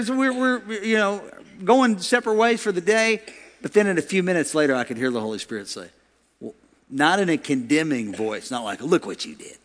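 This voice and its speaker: A male pastor preaching a sermon, animated and laughing, acting out quoted voices. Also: mid-range voice, in a large hall.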